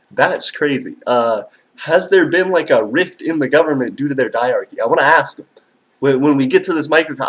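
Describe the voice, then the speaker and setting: Man, livestream host, slangy, animated, fairly high-pitched. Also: low-quality recording. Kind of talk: casual live-stream reaction chat.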